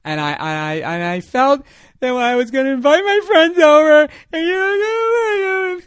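A man's voice: extremely high pitch, lively intonation, moderate pace, a bit bright, no room sound, clean studio sound, pitched above the performer's own voice. A man voicing a nagging, emotional wife who pleads and stammers in a whiny way.

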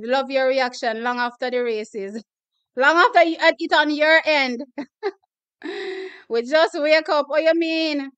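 Woman, Jamaican accent, high-pitched, unhurried, excitable reaction host, emotional exclamations. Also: smooth, rough recording. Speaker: watch party host. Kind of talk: live-stream sports reaction.

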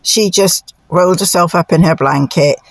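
A woman narrating her travel vlog in a chatty, relaxed way, pausing on fillers. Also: creaky, no room sound. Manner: coos to her dogs in high sing-song tones. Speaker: travel vlogger.

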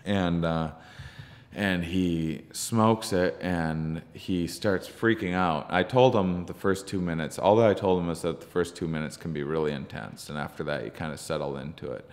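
Deep-voiced man in a reverberant room. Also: fairly even intonation. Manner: halting, full of ums and restarts. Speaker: podcast guest, comedian. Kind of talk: casual storytelling interview.

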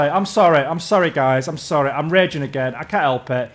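A man's voice: on the high side, a little fast, hardly any pauses, a little hiss or hum. A man ranting in exasperation while commentating his own gameplay. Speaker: gamer.

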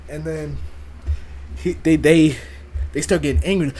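A man's voice: a little high, a little slow, long pauses, noisy background. A man streaming a casual reaction, rambling and repeating himself as he tells stories and laughs along.

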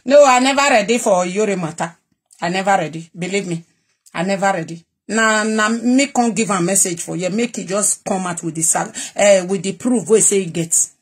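A husky-voiced woman from Edo State with a Nigerian accent speaks straight to camera in a live video rant. She moves between Pidgin and her Edo dialect, and her tone is bold and challenging throughout. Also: medium pitch, moderate pace. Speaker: vlogger.

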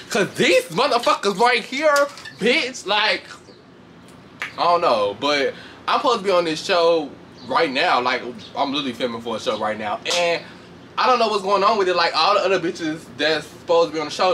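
A man casually recapping a reality show fight with lots of swearing, laughter, and sudden high mocking voices. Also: slight background noise. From Chicago. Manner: animated, profane, laughs often, shifts into high mocking voices. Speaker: commentator reacting to a reality show. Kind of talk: casual chat.

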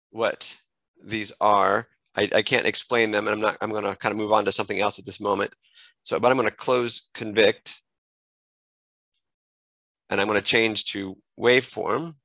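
A man giving a screen-recorded software tutorial, thinking aloud and correcting himself as he clicks through menus at a desk microphone. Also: on the low side, fairly even intonation, normal speed, long pauses, no echo, poor audio.

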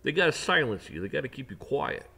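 An online commentator rants an opinion monologue in a mid-range, sing-song voice that's fast, bright and pushed, with vocal fry. Preachy and emphatic like a religious preacher, he repeats phrases and swears.

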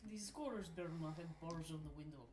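A woman playing a tabletop role-playing game, animated and laughing as she argues. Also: low voice, fairly quick, reverberant, very noisy. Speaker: player. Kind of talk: in-character tabletop banter.

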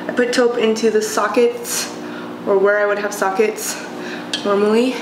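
Excitable sick woman in an echoey room. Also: fairly high pitch, moderate pace, background noise. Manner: gushing, excitable, self-deprecating. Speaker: beauty vlogger. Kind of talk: casual get-ready-with-me chat. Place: home, doing her makeup.

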